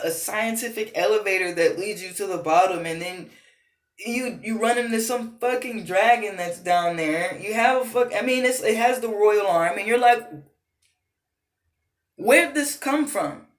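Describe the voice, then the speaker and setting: A gaming vlogger ranting casually, exasperated and profane, rambling with frequent fillers. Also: mid-range voice. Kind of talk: casual rant. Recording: roomy echo.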